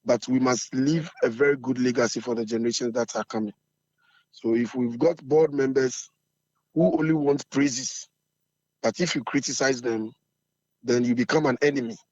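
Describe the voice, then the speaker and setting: A Ghanaian man with a hoarse voice, the chairman of a supporters' group, talking in an assertive, fiery way in an interview. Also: mid-range voice, fairly even intonation, moderate pace, a little mellow, dry recording, dull audio.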